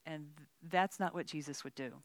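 Low-voiced woman teaching Bible study. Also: a little fast, no echo. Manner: chatty, candid, many "you know" asides.

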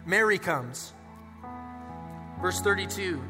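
A man preaching a sermon in a church, passionate, swinging between quiet asides and loud emphatic lines and slowing down to stress key phrases. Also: a little high. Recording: long hall reverb with music behind.

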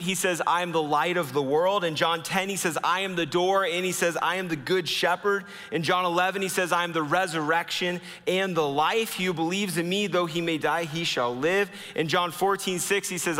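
A man preaches a sermon in a church sanctuary, his voice bright and somewhat high for a man. He talks earnestly and slows down, dropping low to drive home key points. A long hall reverb trails each phrase. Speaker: pastor.

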